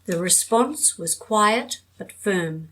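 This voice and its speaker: A woman reads an audiobook aloud. Her delivery is measured and steady, keeping an even storytelling pace through the narration. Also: mid-range voice, rough recording.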